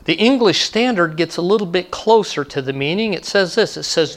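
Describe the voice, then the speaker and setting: A man's voice: sits high, animated, brisk, few pauses. Man preaching a conversational sermon. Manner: conversational preaching, repeats key lines for emphasis. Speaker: pastor.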